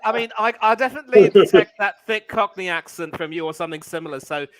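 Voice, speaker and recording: A man's voice: high voice, fast talker, a crowd in the background. A man from southeast England on a call-in show, hesitant and joking. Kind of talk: casual call-in chat.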